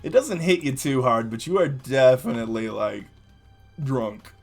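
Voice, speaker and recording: A man narrating as game master in a relaxed way, with many fillers and chuckles. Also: mid-range voice, normal speed, gravelly, husky, soft background music.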